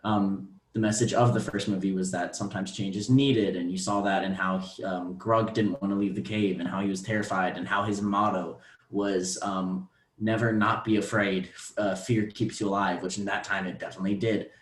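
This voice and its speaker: Young male co-host, low voice, thoughtful and hesitant, in a roomy space. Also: flat delivery, moderate pace, hardly any pauses. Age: young adult. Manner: thoughtful, many ums and restarts. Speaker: podcast co-host. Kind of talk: casual movie discussion. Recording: roomy echo.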